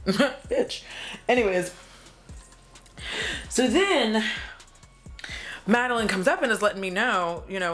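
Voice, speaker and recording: A woman talks straight to the camera as she does her makeup, rambling through a story in a loose, chatty way. She swears freely, laughs often and acts out her own past lines. Quiet music plays faintly behind her. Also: mid-range voice, lively intonation, takes it slowly, pauses often. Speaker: beauty vlogger. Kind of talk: get-ready-with-me storytime chat.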